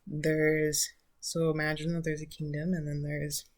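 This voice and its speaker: A woman's voice: low voice, monotone, unhurried. A woman vlogger giving a casual spiritual talk, loose and searching as she thinks aloud.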